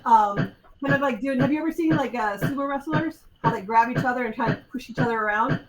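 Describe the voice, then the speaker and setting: A woman's voice: fairly high pitch, fast talker. A woman running a live tabletop game as game master, explaining rules with ums and acting out the fight. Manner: lively, explains rules with ums, acts out moves. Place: convention stage. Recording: live convention hall with loud crowd.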